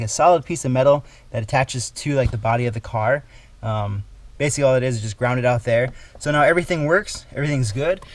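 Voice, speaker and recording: A young man hosting a car build vlog, calmly explaining his work as he goes in a home garage. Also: medium pitch, slight background noise. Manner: laid-back, chatty, explains as he works. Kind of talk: casual garage vlog walkthrough.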